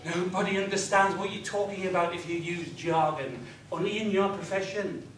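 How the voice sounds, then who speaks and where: A man's voice: sits high, steady tone, moderate pace, a bit bright, a little hiss or hum. A man with a northeast English accent giving a humorous business talk to a live audience, telling stories and quizzing the crowd. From northeast England. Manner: joking, storytelling, quizzes the crowd. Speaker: motivational business speaker. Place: large hall with a live audience. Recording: roomy hall recording from a distance.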